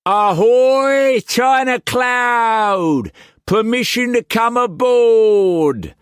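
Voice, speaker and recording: A brash pirate captain in his thirties drawls and croons every word, slow and cocky. The voice sits high above the reader's own. The recording is dry and close. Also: huge pitch swings, fairly bright tone, no room sound, full character voice. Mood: hailing. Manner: slow, drawling, sing-song calls.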